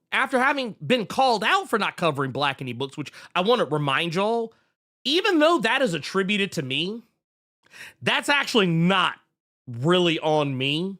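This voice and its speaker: A man's voice: a little high, bright, forceful tone. A man hosting a podcast in casual chat, blunt and profane as he talks. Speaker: podcast host.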